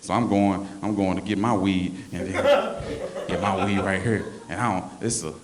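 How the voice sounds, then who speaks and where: A male comedian telling animated stories on stage, yelling out punchlines, with a handheld mic. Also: sits low, normal speed, heavy background noise. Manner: loud, animated storytelling with yelling bits. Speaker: stand-up comedian. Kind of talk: stand-up comedy set. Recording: roomy club with loud audience laughter.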